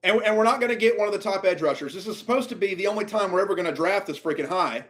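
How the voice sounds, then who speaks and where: A man with a high-pitched voice rants through a live draft reaction stream. He mutters low and grumbling, then bursts out louder in exasperation. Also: very fast. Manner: exasperated ranting, swings from muttering to outbursts.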